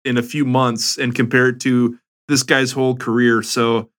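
A man co-hosts a joking podcast and breaks into mock-outraged rants. His voice sits at an ordinary middle pitch, and his speech is plain and conversational. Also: little pitch movement, normal speed, a bit bright. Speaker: podcast co-host. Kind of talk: casual comedic podcast chat.

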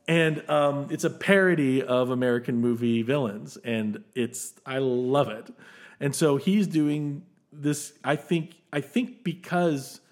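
Podcast host, male; eager, rambling, laughs easily, ordinary middle pitch. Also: takes it slowly. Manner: animated, enthusiastic, laughs often, many restarts. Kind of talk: casual film discussion.

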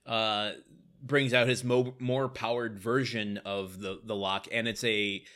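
A man's voice: on the low side, fairly even intonation, measured pace, a bit bright. A man co-hosting a podcast, chatting casually about a sitcom episode, laughing often and trailing off with fillers. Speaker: podcast co-host.

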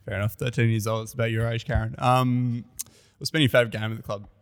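A man's voice: medium pitch, flat delivery, fast talker, in a large hall. An Australian man co-hosting a casual podcast, introducing segments and asking questions. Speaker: podcast co-host. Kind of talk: casual chat.

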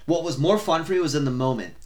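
A young adult man co-hosting a podcast, chatting casually about sports in a rambling, swearing, animated way. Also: fairly high pitch, quick pace. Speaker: podcast co-host.

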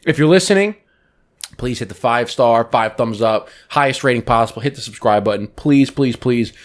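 A man's voice: medium pitch, normal speed. Casual, swearing young male podcast co-host. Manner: loose, joking, swears often. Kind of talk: casual chat.

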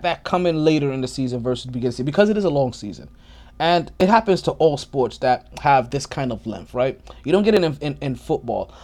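A man's voice: fairly high pitch, darkish tone. A man hosting a podcast, chatting casually about sports in a profane, rambling way with many restarts. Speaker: podcast host.

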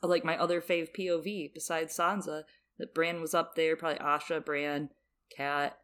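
Young woman co-host, lower voice, casual chat, animated and prone to laughter, big swings in volume. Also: normal speed. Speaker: podcast co-host.

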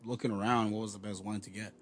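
A man's voice: on the low side, level tone, fast, a bit bright. Guy rambling jokey stories w friends, faint hiss behind him. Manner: joking, rambling storyteller. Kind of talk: casual chat.

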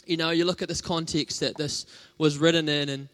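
A man's voice: fairly high pitch, little pitch movement, brisk, fairly bright tone. A man preaching a sermon in a conversational, storytelling way, with casual fillers.

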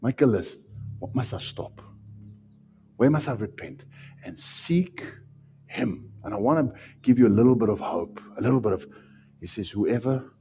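A man with a South African accent preaching a sermon as pastor, emphatic and repetitive, with sudden loud rises. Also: lowish voice, expressive, normal speed, long pauses, slight background noise.

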